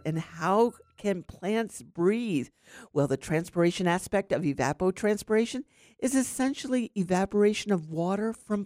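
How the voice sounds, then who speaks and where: A woman's voice: fairly low pitch, a little mellow, dry recording, studio quality. A woman hosting a syndicated radio gardening show, chatting casually with many fillers and explaining plant science. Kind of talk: casual radio talk with call-ins. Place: radio studio.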